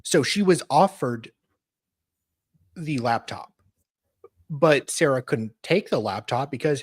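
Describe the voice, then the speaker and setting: A co-host in a casual chat show, reading documents aloud and dropping short, matter-of-fact remarks. The voice sits mid-pitch and sounds close and dry, with no room echo. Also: animated, slow, pauses often, husky. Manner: dry, brief interjections, reads documents aloud.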